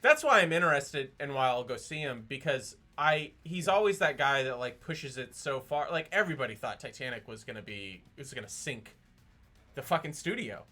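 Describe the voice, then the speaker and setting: A man's voice: mid-range voice, animated, moderate pace, pushed and bright, faint music behind. A man co-hosting a casual film podcast, teasing his partner and telling stories. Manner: chatty, teasing, tells stories. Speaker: podcast co-host. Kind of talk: casual chat.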